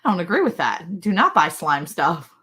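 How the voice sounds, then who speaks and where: A woman's voice: fairly low pitch, sing-song, moderate pace, fairly bright tone. Chatty woman co-host, laughing storyteller. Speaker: livestream co-host. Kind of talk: casual chat.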